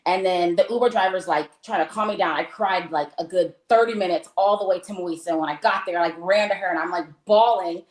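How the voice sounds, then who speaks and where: A woman's voice: fairly low pitch, fairly quick, few pauses. An American woman telling a travel story in casual talk, acting out the voices of the people in it, with many fillers. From United States. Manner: animated, acts out quoted dialogue, many fillers. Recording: roomy echo.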